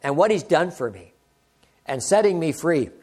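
A man's voice: on the high side, animated, moderate pace, a little mellow. An older man preaching a sermon, earnest and exclaiming, often asking the listeners rhetorical questions.

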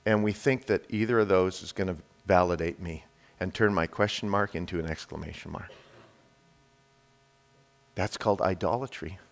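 A male preacher delivers a sermon, speaking straight to the congregation with rhetorical questions. His delivery swings between forceful, raised declarations and soft, hushed phrases. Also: low voice. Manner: emphatic, shifts between loud declarations and quiet hushed lines.

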